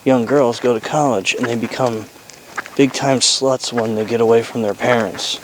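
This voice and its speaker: A man's voice: medium pitch, steady tone, moderate pace, noisy background. A man in his thirties talking in a sarcastic, profane, ranting way in a casual vlog.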